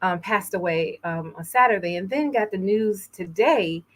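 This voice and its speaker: A woman from New York hosting an inspirational talk show, speaking earnestly and a little emotionally, with frequent pauses. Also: mid-range voice. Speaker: host.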